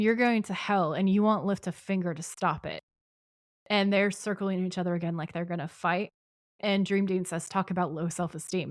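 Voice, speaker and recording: Low-voiced woman recapping in a dry room. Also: dry recording. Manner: retells scenes at length, reading out dialogue. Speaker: podcast co-host. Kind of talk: casual chat, recapping a TV episode.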